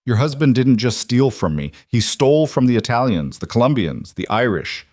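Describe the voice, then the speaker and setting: A man voicing a cold, commanding mafia boss of about forty, speaking in a calm, measured and quietly threatening way. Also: mid-range voice, no room sound, clean studio sound.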